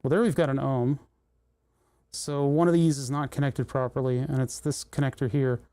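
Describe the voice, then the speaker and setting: A man's voice: mid-range voice, steady tone, normal speed, mellow. A man hosting a livestream, chatting casually and thinking aloud with joking asides as he solders. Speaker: livestream host building electronics.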